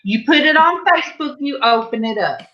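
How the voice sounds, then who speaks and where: A woman's voice: high voice, lively intonation, brisk, pushed and bright, muffled recording. A middle-aged woman hosting a casual panel stream, telling a funny family story with lots of laughter in her voice. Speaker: host.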